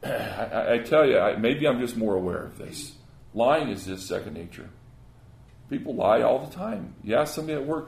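A man delivers a sermon in an earnest, conversational way, often stumbling into restarts. His voice is gravelly with a bit of fry. The church around him adds a roomy echo. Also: mid-range voice, lively intonation, normal speed. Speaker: preacher.

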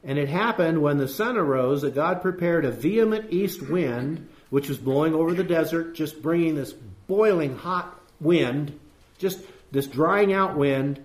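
A man's voice: fairly high pitch, lively intonation, unhurried. A male preacher delivering a sermon with scripture reading, emphatic, asking rhetorical questions and repeating phrases. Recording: echoey room.

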